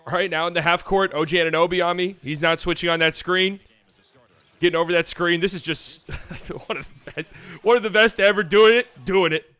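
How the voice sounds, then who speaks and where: Bright-voiced man breaking down game film. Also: steady tone, fairly quick, clean tone. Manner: playful, joking asides over highlights. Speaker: basketball channel host.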